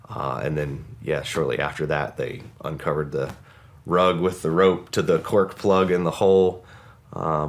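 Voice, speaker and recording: A man with an extremely deep voice recounts events as an interview guest. He speaks in a measured way, pausing on "uh" and "um". A faint hiss sits under his voice. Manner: measured, with frequent "uh" and "um". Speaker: interview guest, former special operator. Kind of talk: casual storytelling.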